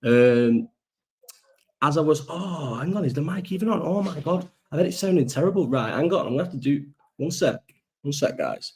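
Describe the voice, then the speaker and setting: A lad hosts a loose live chat through his laptop's built-in mic, reading viewer comments amid rambling, sweary, jokey banter. His voice is on the high side, expressive and a little mellow, at normal speed, with a little hiss or hum in the audio.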